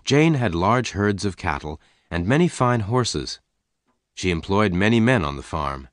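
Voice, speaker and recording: A man narrating a story in a slow, clear, even reading for English learners. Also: sits low, dry recording.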